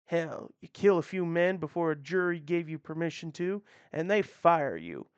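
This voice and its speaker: A woman voicing a grim retired male lawman turned farmer with a gruff, terse drawl. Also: on the low side, expressive, normal speed, no room sound, dull audio, natural voice.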